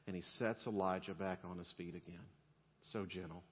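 A male pastor preaching a sermon in a relaxed, conversational way, with humor and softer, gentle passages. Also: deep voice, fairly quick, breathy edge. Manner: conversational and humorous, dropping to soft gentle tones. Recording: lo-fi sound with long hall reverb.

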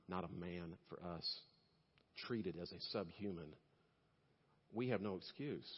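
A male pastor preaching a sermon, telling stories and swinging between loud emphasis and quiet asides. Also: low-pitched, breathy edge, long reverb tail, dull audio.

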